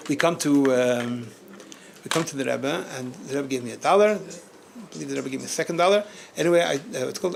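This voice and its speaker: A man, a rabbi, telling a story at a community gathering, animated, often laughing and repeating words as he goes. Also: on the high side, creaky, a little hiss or hum.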